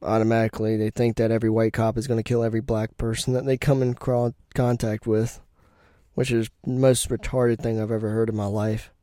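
A man's voice: lowish voice, flat delivery, brisk, dark tone, no room sound, studio quality. A young man telling personal stories as a podcast host, in a blunt, profane and rambling way. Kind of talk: casual storytelling monologue.

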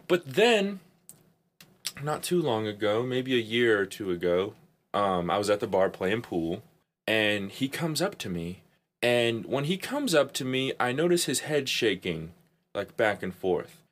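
Casting: young male co-host, animated storyteller, lively swinging pitch, laughs a lot. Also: unhurried. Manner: animated, laughs often, swears casually. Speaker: podcast co-host. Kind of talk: casual storytelling chat.

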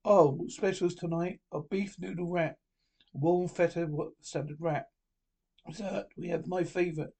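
A man reading as a brisk waitress. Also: fairly high pitch, steady tone, gravelly, darkish tone, breathy edge, heavily acted. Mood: chirpy.

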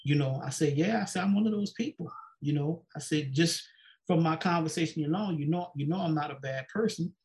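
This man's voice sits on the high side and sounds a little mellow, with a brisk delivery. He is a pastor and guest in a sit-down interview, giving a personal testimony and acting out the dialogue while repeating "she said."

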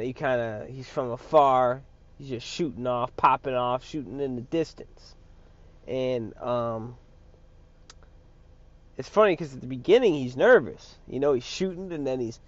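Slow-talking man ranting crudely. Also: mid-range voice. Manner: crude, profane, rambling with many fillers. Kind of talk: casual rant. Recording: dull lo-fi recording.

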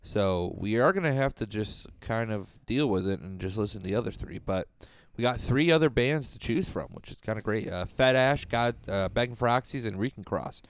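A man with a lowish, smooth, clear voice chats casually on a music podcast. He rambles and swears, and his pitch jumps up when he gets excited. The sound is dry and close, with no room echo. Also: normal speed, few pauses. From Rochester, New York. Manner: rambling, profane, animated swings in pitch. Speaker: podcast co-host. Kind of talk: casual chat.

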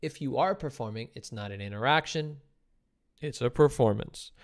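A man's voice: medium pitch, normal speed. Chatty man hosting a podcast. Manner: chatty, laughs easily, explains at length. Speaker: podcast host. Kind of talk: casual livestream chat.

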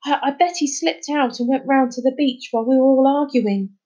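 A woman voicing a calm, capable boy who reasons things through. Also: sits high, brisk, lo-fi sound, voice pushed up.

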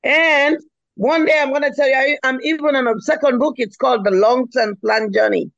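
A woman's voice: high voice, fairly even intonation, moderate pace, creaky, no room sound. A woman from Leone, a guest author chatting cheerfully over a video call. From Sierra Leone. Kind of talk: casual chat on a video call. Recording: dull lo-fi call audio.

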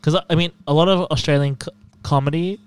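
A man chatting casually about films and comedians, opinionated and quick to laugh. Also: a little high, fairly even intonation, smooth, dry recording.

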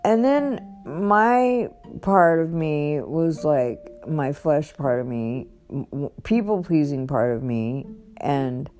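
A woman's voice: low-pitched, expressive, slow pace, darkish tone, faint music behind. A woman talking casually about her own life on a podcast, rambling with many fillers and restarts. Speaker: podcast host. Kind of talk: casual personal storytelling.

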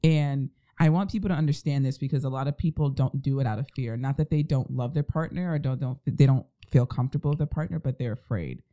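Man with a very dark, mellow voice. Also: medium pitch, fast talker, hardly any pauses. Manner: earnest, advising. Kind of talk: casual podcast chat.

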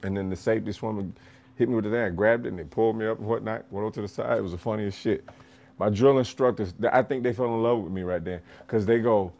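A middle-aged man tells stories in a relaxed podcast chat, and his speaking voice sits on the low side. He swears freely and laughs often, and he gets animated as he talks. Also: fast, vocal fry. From rural United States. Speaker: podcast storyteller, martial arts master. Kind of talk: casual storytelling.

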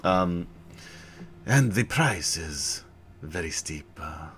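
A man's voice: low voice, animated, takes it slowly, a bit bright, a little hiss or hum. A man running a tabletop game as game master, rambling with fillers and laughs.

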